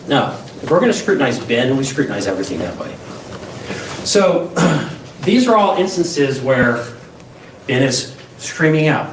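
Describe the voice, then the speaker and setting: Addressing a jury with his opening statement, a male defense attorney speaks in a very animated mid-range voice at a measured pace, leaving long pauses. He's emphatic and asks many rhetorical questions. The courtroom sound is echoey, distant-miked, and faintly hissy.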